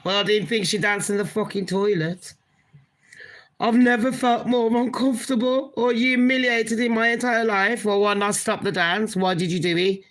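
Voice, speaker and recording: A woman's voice: mid-range voice, steady tone, normal speed, poor audio. A woman giving a blunt, swearing, incredulous gossip commentary as a vlogger.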